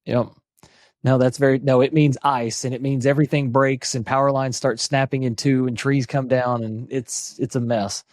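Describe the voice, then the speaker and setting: A man's voice: medium pitch, little pitch movement, moderate pace, no echo, clean studio sound. A man with an East Tennessee accent co-hosting a podcast in casual, joking chat. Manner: chatty, joking, many restarts. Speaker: podcast co-host.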